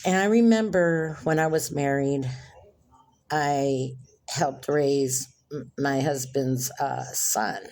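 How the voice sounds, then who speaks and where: A woman telling a personal story in a soft, reflective way. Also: extremely low pitch, slow pace.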